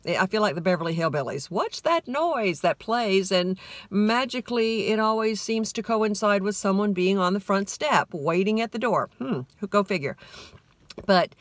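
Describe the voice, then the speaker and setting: A woman's voice: fairly low pitch, no echo. A middle-aged woman hosting a podcast, rambling through a casual, self-deprecating monologue. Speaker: podcast host.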